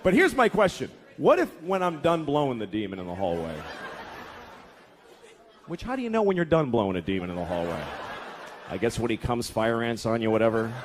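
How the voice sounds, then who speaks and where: A man's voice: medium pitch, big pitch swings, brisk. A man doing a profane stand-up comedy routine, acting out characters in shifting voices. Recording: live club with crowd and faint noise.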